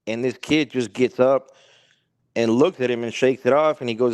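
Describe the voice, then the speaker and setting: Male podcast guest, rambling storyteller, mid pitch, dry close sound. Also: fairly even intonation, moderate pace, darkish tone, clear, resonant tone, no room sound. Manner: rambling, repeats "he's like" and "he goes". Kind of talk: casual storytelling.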